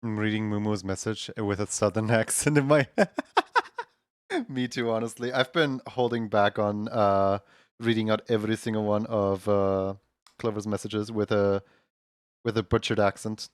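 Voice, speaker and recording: A man's voice: lowish voice, fairly even intonation, normal speed, clean tone, no echo, studio quality. A man with a Central European accent, chatting casually to his livestream while drawing, rambling and talking to himself with filler words. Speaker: streamer.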